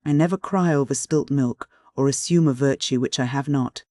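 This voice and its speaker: A reader voicing a plump, shrewd elderly widow in an audiobook, brisk and businesslike under her gushing endearments. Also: mid-range voice, darkish tone, no echo, clean studio sound, lightly acted. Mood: chatty. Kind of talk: audiobook dialogue reading.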